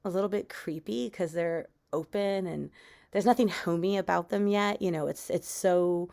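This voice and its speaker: A young adult woman telling a spooky story in a casual, chatty way, sinking to a hushed whisper at the scary parts. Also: on the low side, moderate pace, vocal fry. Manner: conversational, with fillers, dropping to a whisper at tense moments.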